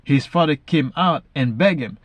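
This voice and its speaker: Guy doing a laid-back bible study, reads a verse slow then says it in his own words, dry close sound. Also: on the high side, expressive, no room sound. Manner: reads a verse slowly, then paraphrases it in slang; frequent fillers and restarts, says basically a lot. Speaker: Bible reader and explainer. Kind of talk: casual Bible study talk.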